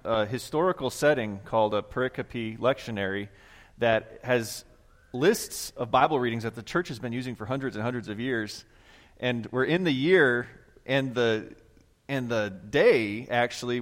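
A man, a pastor delivering a conversational sermon in a church, growing animated as he retells a story. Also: mid-range voice. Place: church sanctuary. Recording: long hall reverb.

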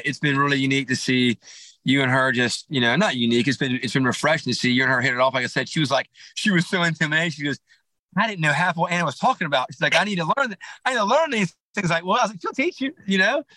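Bright, animated man telling a story. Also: medium pitch, fast talker, no echo, rough recording. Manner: animated, rambling, with many restarts. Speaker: podcast guest, clothing company founder. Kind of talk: casual storytelling interview.

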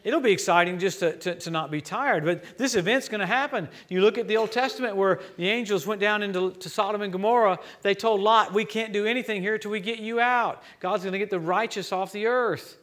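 A man with a notably high voice preaches with an American accent. He delivers his sermon in a lively, joking way that swings up into sudden loud bursts. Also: brisk, hardly any pauses. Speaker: guest preacher.

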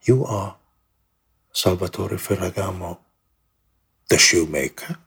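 A man's voice: low voice, takes it slowly, creaky, fairly bright tone, breathy edge, exaggerated voice. A man voicing a severe, one-armed commanding officer who speaks sternly and formally, in an audiobook.

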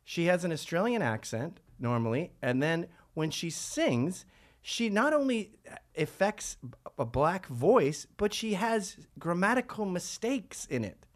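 A man's voice: high-pitched, sing-song, measured pace. A man hosting a heated casual debate, provocative and sarcastic. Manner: provocative, sarcastic, does mocking voices.

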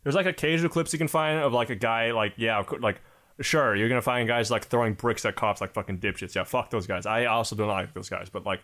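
A man's voice: mid-range voice, fairly even intonation, a little fast, fairly bright tone. A young man co-hosting a podcast, talking in a rambling, heavily sworn casual rant full of fillers. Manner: heavy swearing, rambling, filler-laden. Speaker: podcast co-host. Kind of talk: casual chat.

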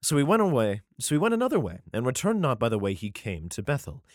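A man's voice: mid-range voice, wildly swooping pitch, quick pace, no room sound, studio quality. A man reading scripture aloud and breaking off for irreverent, swearing comic commentary. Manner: irreverent, profane asides, frequent laughs. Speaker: reader.

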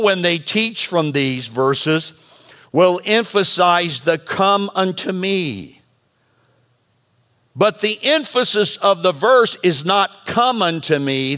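Pastor, male, high bright voice, lively joking sermon delivery. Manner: animated, bantering preacher. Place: church sanctuary.

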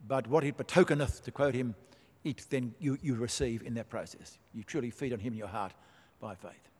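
A man's voice: mid-range voice, fairly quick, a little mellow, husky. A man preaching a sermon, emphatic, with rhetorical questions and dry asides. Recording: long hall reverb.

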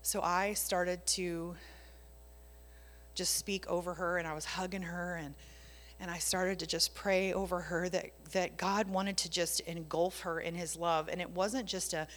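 Woman, faith testimony, casual storytelling, slightly low voice, whispered asides, reverberant space. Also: measured pace. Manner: animated storytelling, drops to whispers for emphasis. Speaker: Christian speaker sharing a testimony. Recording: long reverb.

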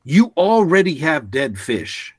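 A man in casual podcast chat, talking animatedly and swearing often, acting out quotes with sudden shouts. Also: fairly high pitch, sing-song, slow pace, breathy edge.

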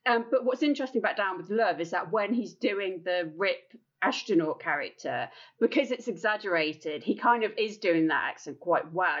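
A woman's voice: medium pitch, dull audio. A woman guest on a film podcast, giving frank opinions in casual chat.

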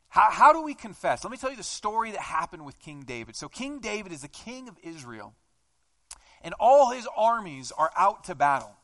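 A man preaching a conversational sermon in a church, questioning himself aloud as he talks. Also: a little high. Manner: conversational, self-questioning preaching with wide swings in loudness. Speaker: pastor. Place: church hall.

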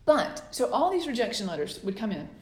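Animated woman telling her story. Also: mid-range voice, fairly quick. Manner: animated storyteller, acts out quoted letters. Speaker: interview guest, author. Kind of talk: casual storytelling interview. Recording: roomy echo.

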